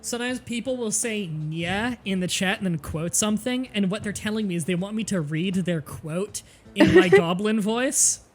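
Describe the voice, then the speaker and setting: A woman streamer joking loudly and crudely while commenting on a game she is playing. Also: mid-range voice, lively intonation, normal speed. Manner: loud, crude, laughing banter. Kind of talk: casual gameplay commentary.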